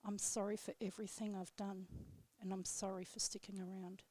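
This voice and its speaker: A woman on live radio reading her own poem aloud in a steady, measured way, then chatting with the host. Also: mid-range voice, dry recording. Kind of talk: poetry reading, then casual chat. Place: radio studio.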